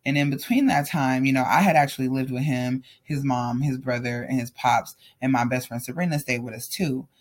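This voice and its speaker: A man's voice: mid-range voice, brisk, few pauses. A man telling a personal story in a casual, candid way, talking straight to his viewers. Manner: candid and animated, addresses viewers directly.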